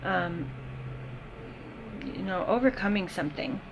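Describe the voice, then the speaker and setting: A woman giving a casual tarot reading, unhurried and thinking aloud with frequent pauses and ums. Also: mid-range voice, creaky, lo-fi sound, background noise. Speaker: tarot reader.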